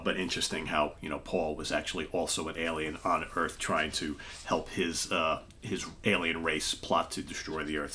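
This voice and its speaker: A man's voice: low-pitched, sharp tone, a little hiss or hum. A man hosting a comic book show, casually retelling old stories with filler words and asides.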